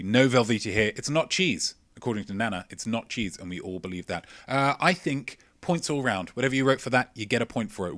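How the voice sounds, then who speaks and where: A man's voice: lowish voice, fairly bright tone, dry recording. A man hosting a live-streamed quiz, reading out viewers' answers with chatty, self-mocking jokes. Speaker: quiz show host.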